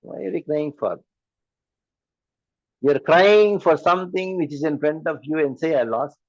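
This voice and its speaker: High-voiced Indian English man preaching. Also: moderate pace, no echo, lo-fi sound. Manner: repeated rhetorical questions. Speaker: spiritual teacher. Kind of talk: sermon.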